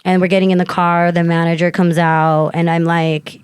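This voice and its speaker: Animated profane woman comedian. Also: lowish voice, normal speed, few pauses, smooth, no room sound. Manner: animated, profane, acts out quotes. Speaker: podcast co-host and comedian. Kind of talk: casual storytelling chat.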